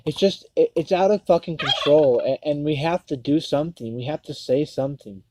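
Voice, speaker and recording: Hosting his own stream, a man with a fairly high voice rants briskly and furiously, cursing often and stumbling over the same words. Background noise runs under the recording.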